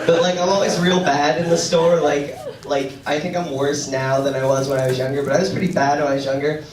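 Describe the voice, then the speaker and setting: A young man doing a stand-up set, sick and ranting in a crude, rambling way. His voice sits a little high and comes from far off in an echoey room. The recording is noisy. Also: little pitch movement, a little fast. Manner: rambling, crude, rant-like delivery. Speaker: stand-up comedian. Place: comedy club stage.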